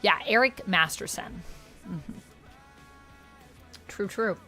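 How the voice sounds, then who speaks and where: A woman's voice: medium pitch, slow pace, sharp tone, soft background music. A woman hosting a casual livestream, chatting and answering viewers' messages aloud. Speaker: livestream host.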